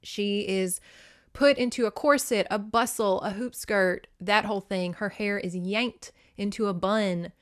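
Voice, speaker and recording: A young woman hosting a podcast, talking through a book she just read in a loose, chatty way. Her pitch sits at an ordinary middle height, and she drops swear words freely while acting out scenes. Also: measured pace. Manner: chatty, swears a lot, acts out characters. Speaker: podcast host. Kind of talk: casual book recap.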